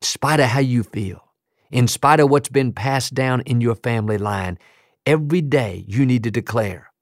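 A man's voice: medium pitch, normal speed, no room sound, studio quality. A man preaching a sermon as pastor, emphatic and building rhythmic lists of declarations.

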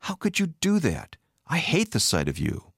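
A man's voice: low-pitched, big pitch swings, moderate pace, no echo, studio quality. A man voicing a betrayed wife, bitter and hurt in her angry outbursts. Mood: furious. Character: wounded, furious betrayed wife.

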